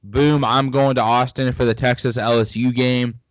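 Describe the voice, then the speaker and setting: A man's voice: mid-range voice, flat delivery, moderate pace, dry recording. A young man co-hosting a casual sports podcast, upbeat and joking. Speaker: podcast co-host.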